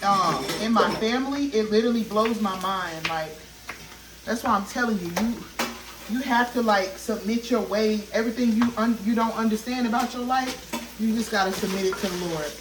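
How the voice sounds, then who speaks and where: A woman's voice: medium pitch, moderate pace, noisy background. A woman in her thirties talks to her viewers while she cooks, speaking in a heartfelt, testifying way and calling them y'all. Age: 30s. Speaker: vlogger. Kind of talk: casual talk while cooking. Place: home kitchen. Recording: echoey kitchen, mic at a distance, cooking sizzle. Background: frying and sizzling food.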